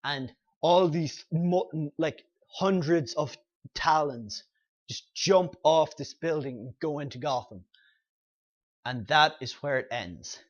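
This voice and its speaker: A man's voice: on the high side, slow pace. Rambling man recapping a comic, lo-fi. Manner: rambling, filler-heavy retelling with quoted dialogue. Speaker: comic book reviewer, show host. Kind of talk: casual spoken recap and review.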